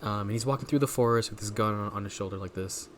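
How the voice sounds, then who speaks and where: A man's voice: lowish voice, fast, slight background noise. A man co-hosting a podcast, laid-back and slangy, spinning a made-up story in casual chat. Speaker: podcast co-host.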